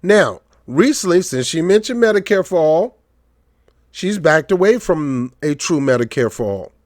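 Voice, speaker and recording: On his own channel, a man offers casual political commentary, joking, mocking, and telling stories with lots of animation. His voice is on the high side at a moderate pace, recorded in a clean studio with no room sound.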